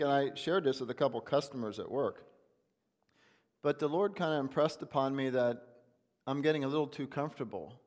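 Man, folksy sermon, rhetorical questions, middle-pitched voice, long church-hall reverb. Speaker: pastor.

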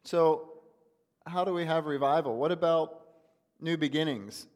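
A man's voice: on the high side, a little slow. Folksy man preaching in a reverberant church. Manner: conversational, folksy preaching with rhetorical questions. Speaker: pastor. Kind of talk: sermon.

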